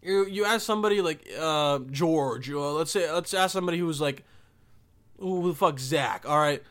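High-voiced young man ranting profanely. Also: normal speed, fairly bright tone. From Bosnia. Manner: rambling, profane, emphatic. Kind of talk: casual profane monologue.

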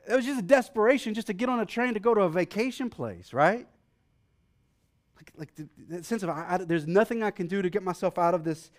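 A male pastor with a high, light voice delivers a sermon. He spins a frantic personal anecdote, voicing everyone in it, then eases into a steadier, teaching tone. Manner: excitable storytelling, acting out quotes, then calmer teaching. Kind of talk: sermon with animated personal story.

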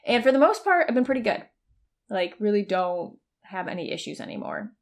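Woman in her thirties, podcast host type, loose and candid, some vocal fry, mid pitch. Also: sing-song, a little fast. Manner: chatty, frequent "like" fillers, candid with swearing and laughs. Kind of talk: casual personal storytelling.

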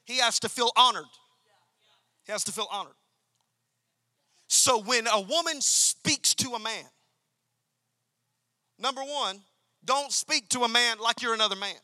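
A man's voice: very high voice, a little slow, pauses often, sharp tone, no echo. A male pastor preaching a sermon, emphatic and repetitive, calling out to members of his congregation. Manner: emphatic, repeats key phrases, calls out to congregation.

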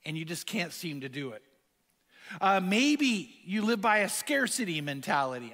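A man's voice: sits high, big pitch swings, measured pace, a bit bright, long reverb tail. A man preaching a sermon, telling stories and asking the crowd rhetorical questions. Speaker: pastor.

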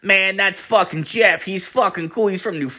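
A man puts on an easygoing young carpool buddy, his voice lifted noticeably higher than his own. He sounds relaxed and dismissive, like someone just hanging out. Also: moderate pace. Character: laid-back young male carpool buddy.

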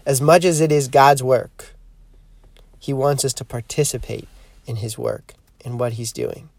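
Earnest man with a gravelly voice. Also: mid-range voice, darkish tone, no room sound, studio quality. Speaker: podcast host. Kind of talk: reflective spiritual podcast teaching.

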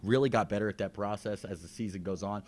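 A man's voice: on the low side, fast talker, a little mellow. A man co-hosting a podcast, talking in a laid-back, wry way with frequent restarts. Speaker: podcast co-host. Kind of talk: casual recap chat.

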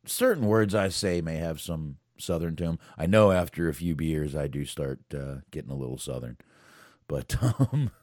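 Casual podcast co-host, man, deep and mellow, animated delivery. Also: normal speed, no echo, clean studio sound. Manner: swears casually, repeats words. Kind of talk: casual chat.

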